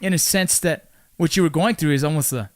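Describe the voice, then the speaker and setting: A man's voice: a little high, fairly quick, no echo. A man hosting a podcast interview, chatting casually, often swearing and empathizing with his guest. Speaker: podcast host.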